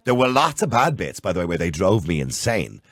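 A man in his fifties co-hosting a podcast, telling stories in an animated way and chuckling often. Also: low-pitched, fairly quick, dry recording, studio quality. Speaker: podcast co-host. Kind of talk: casual chat.

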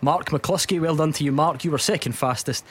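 A man's voice: on the high side, brisk, fairly bright tone, slightly rough. A man hosting a football radio show, teasing his studio guests and laughing easily. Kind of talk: casual studio banter.

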